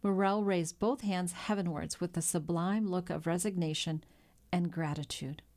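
A woman narrating a classic novel in a measured, even storytelling delivery. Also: on the low side. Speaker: audiobook narrator. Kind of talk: scripted narration.

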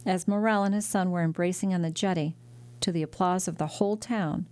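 A woman reading a classic novel aloud as an audiobook narrator, in a measured, dramatic way. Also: fairly low pitch, steady tone, a little mellow. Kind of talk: scripted narration.

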